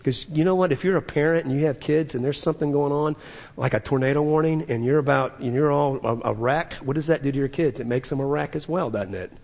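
Man, pastor mid-sermon, husky voice, earnest, swings from whispers to emphatic peaks, church hall reverb. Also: fairly high pitch, quick pace, darkish tone.

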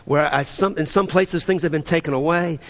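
A male pastor preaching a fervent sermon, reading scripture quickly, then slowing for emphasis and repeating phrases for the congregation. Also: on the high side.

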